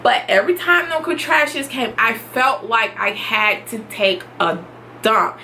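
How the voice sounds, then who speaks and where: A young woman at home telling her own story in a casual vlog, animated and quick to laugh, acting out what she shouted. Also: a little high, a little hiss or hum.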